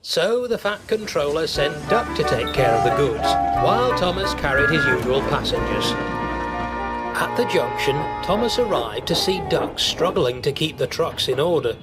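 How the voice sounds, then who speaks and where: Male storyteller over loud music. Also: a little high, big pitch swings, moderate pace. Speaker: narrator. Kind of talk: storybook narration.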